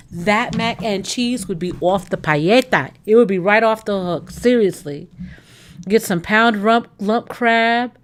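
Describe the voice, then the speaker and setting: A bubbly woman chats on a casual livestream. She gushes and exclaims to her viewers as she browses recipes. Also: on the high side. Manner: excitable, gushing, talks to viewers. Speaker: livestream host.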